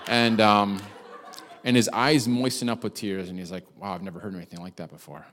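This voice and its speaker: Fast-talking pastor in a reverberant hall. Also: male voice, fairly low pitch, slight background noise. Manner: animated, chatty, self-deprecating humor. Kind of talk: sermon with storytelling.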